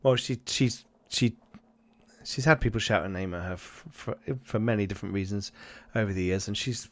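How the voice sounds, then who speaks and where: A man narrating as game master in a tabletop role-playing session, relaxed and hesitant, with many pauses. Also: on the low side.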